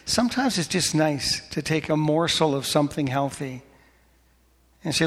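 A man preaching a sermon, questioning his congregation, rising to animated emphasis and dropping to soft prayerful tones. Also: on the high side, normal speed, long reverb tail. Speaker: pastor.

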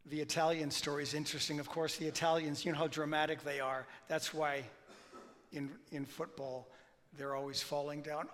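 A man, a pastor, giving an informal sermon with lively storytelling and a quieter, reverent prayer. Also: on the high side. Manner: animated storytelling, bursts of loud excitement; softer, slower and reverent in prayer. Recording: long hall reverb.

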